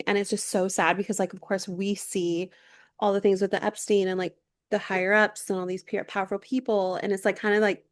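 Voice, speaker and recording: A woman's voice: medium pitch, little pitch movement, a little fast, no room sound. Chatty woman podcaster, dry sound. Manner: chatty gossip recap, lots of "like" fillers. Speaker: podcast co-host. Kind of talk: casual chat.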